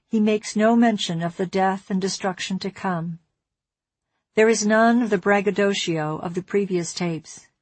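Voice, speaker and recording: A woman narrating an audiobook memoir in a measured, somber, reflective way. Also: mid-range voice, no echo.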